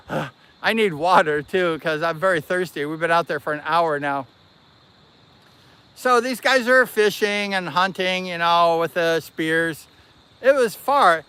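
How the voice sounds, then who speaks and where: A man hosting a livestream, casually telling a long personal story in an animated, rambling way and correcting himself as he goes. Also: high-pitched, smooth. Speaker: livestream host.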